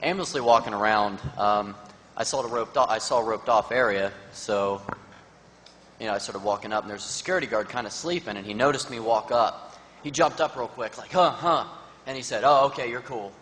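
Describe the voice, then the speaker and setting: A man's voice: on the low side, brisk, fairly bright tone. A man on a conference panel telling a loose, rambling anecdote filled with fillers. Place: large conference hall. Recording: reverberant hall with faint noise.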